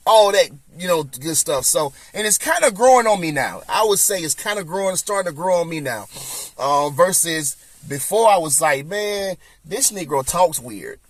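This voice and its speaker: A man's voice: fairly high pitch, a bit bright, no echo. A man hosting a podcast, chatting loosely and rambling with lots of fillers. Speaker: podcast host. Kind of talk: casual chat.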